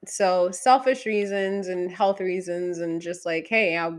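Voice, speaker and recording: A woman telling stories in a frank, profane, casual monologue, jumping between loud outbursts and quiet, trailing asides. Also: fairly low pitch, steady tone, a little slow. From San Diego area.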